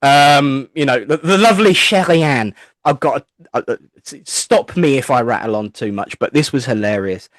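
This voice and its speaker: A man's voice: mid-range voice, expressive, moderate pace, no room sound, clean studio sound. Chatty English man telling stories. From England. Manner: chatty, rambling anecdotes with playful asides; acts out voices when quoting people. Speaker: guest, spiritualist minister and medium. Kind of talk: interview, storytelling.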